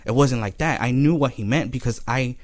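A man giving an emotional personal testimony, earnest and halting, often repeating his phrases. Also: mid-range voice, dry recording.

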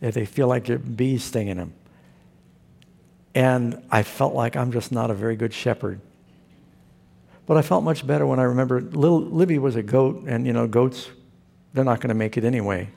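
A male pastor delivers a storytelling sermon in a gravelly, slightly husky voice. His talk is folksy, and he slips into quoted characters as he goes. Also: medium pitch, moderate pace, long pauses, dark tone.

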